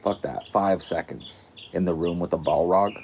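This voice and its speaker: A man's voice: low voice, moderate pace, a little mellow, slight background noise. A man co-hosting a podcast, chatting casually in loose, joking, slangy banter. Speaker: podcast co-host. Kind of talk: casual chat.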